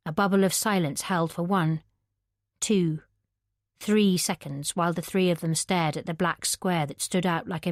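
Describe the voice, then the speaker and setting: A woman narrating a psychological thriller audiobook in a measured, tense manner. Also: fairly low pitch, dry recording, studio quality. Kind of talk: scripted narration.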